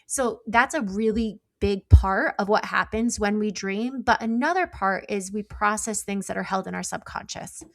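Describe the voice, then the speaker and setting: A woman's voice: medium pitch, moderate pace, creaky, hardly any pauses, fairly bright tone. A middle-aged woman, a psychic guest on an interview show, explaining in an earnest, conversational way with frequent fillers. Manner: explanatory, earnest, uses many likes.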